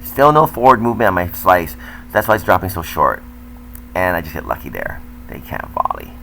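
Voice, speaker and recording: A man's voice: deep voice, big pitch swings, fairly quick, sharp tone, slight background noise, low-quality recording. An older man, a tennis coach, talking candidly and self-critically as he comments over footage of his own match.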